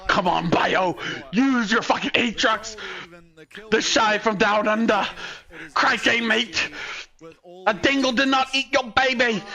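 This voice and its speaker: A man streaming a watch party, reacting to a live esports match with loud swearing, constant "dude," and yelling at big plays. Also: sits high.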